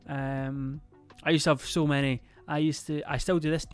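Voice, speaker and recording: A man's voice: fairly high pitch, level tone, moderate pace, soft background music. A young man, chatting casually to his stream in a rambling, hesitant way full of fillers and swearing.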